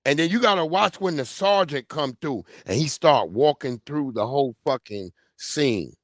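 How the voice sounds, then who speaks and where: A man hosting a casual livestream, talking in an animated, slangy way and calling out viewers by name. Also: on the high side, normal speed, no echo, clean studio sound. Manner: animated, slangy, reads viewer names aloud. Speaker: livestream host.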